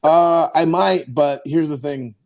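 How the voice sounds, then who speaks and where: A man's voice: a little high, slow, gravelly, darkish tone. A man, an Orthodox priest and podcast host, telling a rambling story in casual chat, full of fillers and acted-out quotes. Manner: rambling, many fillers, acts out quoted voices.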